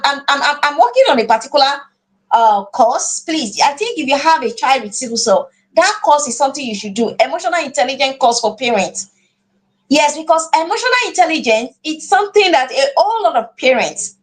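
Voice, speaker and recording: A woman with a Nigerian accent teaching an online class for parents, earnest and often repeating words as she goes. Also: high voice. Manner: earnest, repeats words while finding phrasing.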